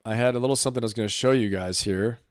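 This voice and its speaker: A man's voice: mid-range voice, racing, dry recording, clean studio sound. A man hosting a live stream of political commentary, emphatic and riffing, firing off rhetorical questions.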